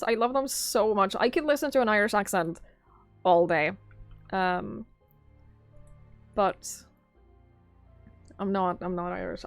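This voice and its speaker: A woman's voice: mid-range voice, fairly bright tone, dry recording. A young Norwegian woman streaming live and chatting with her viewers in a rambling, easygoing way, often laughing. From southern Norway. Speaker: livestreamer. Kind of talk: casual chat with viewers. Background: faint background music.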